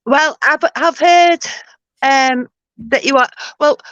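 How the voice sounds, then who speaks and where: Chatty high-voiced woman. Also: slow, fairly bright tone, no room sound, dull audio. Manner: rambling, chatty, hesitant. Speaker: livestream guest. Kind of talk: casual chat.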